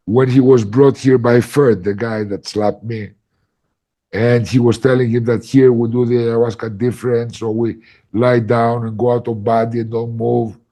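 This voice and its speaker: In a casual podcast chat, a medium-pitched man who facilitates ayahuasca workshops tells a story. He's animated and emphatic, leaning heavily on "like" as a filler.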